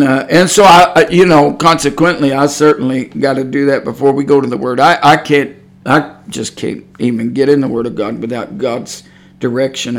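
A man's voice: medium pitch, fairly bright tone. A man with a Texan accent hosting a religious podcast, telling stories in a folksy, meandering way with many fillers. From Texas. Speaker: podcast host. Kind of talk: rambling religious podcast talk.

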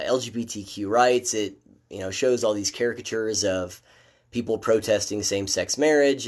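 A man giving critical, sardonic commentary on a documentary, with frequent fillers and restarts. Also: mid-range voice. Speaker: political commentator.

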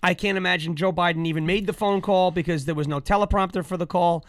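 High-voiced mocking male talk show host. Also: fast, no echo, clean studio sound. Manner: mocking, animated, breaks into high squeaky voices for jokes. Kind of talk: casual political talk show banter.

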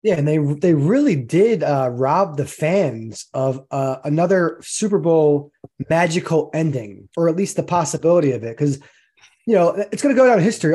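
A man's voice: a little high, animated, normal speed, mellow, husky. A man co-hosting a casual podcast, venting his disappointment in an easy conversational way. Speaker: podcast co-host. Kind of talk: casual sports chat.

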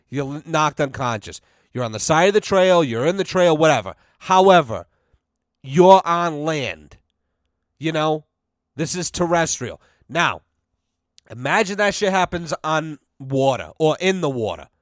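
A man's voice: on the high side, no room sound, studio quality. A man ranting casually as a podcast co-host, profane and rambling, full of repeated fillers.

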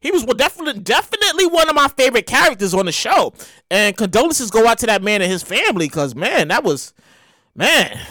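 A woman's voice: medium pitch, a bit bright, no room sound. A woman vlogger ranting in a casual, profane way, stammering and repeating phrases as she reacts.

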